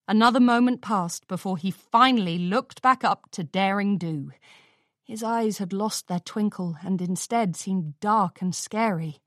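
Woman reading a kids' storybook aloud, lively, dry close mic. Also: mid-range voice, no echo. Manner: expressive, acts out dialogue. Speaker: audiobook reader. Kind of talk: storybook narration.

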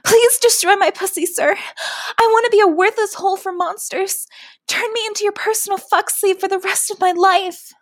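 A woman voicing a young adult heroine in an adult audio story, with a high, strained, breathy voice. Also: steady tone, normal speed, a bit bright. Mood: pleading.

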